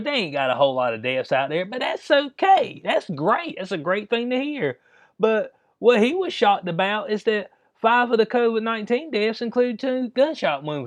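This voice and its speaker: A man's voice: sits high, dry recording. A man hosting his own channel, ranting in casual slang with exasperated asides. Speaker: channel host. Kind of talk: ranting commentary vlog.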